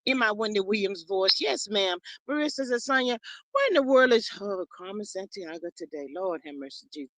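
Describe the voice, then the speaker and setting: A livestream host chatting casually and reading out viewers' comments, folksy and animated, calling people honey and child, with sudden jumps in pitch. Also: brisk, no room sound, rough recording.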